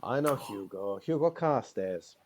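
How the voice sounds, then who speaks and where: A man's voice: mid-range voice, expressive, measured pace, a little hiss or hum, natural voice. Kelvin, a man playing a proud old-school Morris dancer. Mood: recalling. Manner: opinionated, rambling, says "aye". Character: proud middle-aged male Morris dancer, fussy. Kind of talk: improvised character role-play.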